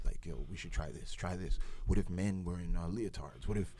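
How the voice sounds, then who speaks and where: Deep-voiced Brooklyn man in his forties, podcast storyteller, loose and rambling, acts out the people he quotes. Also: brisk, warm tone. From Brooklyn, New York. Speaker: podcast cast member. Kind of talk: casual storytelling chat.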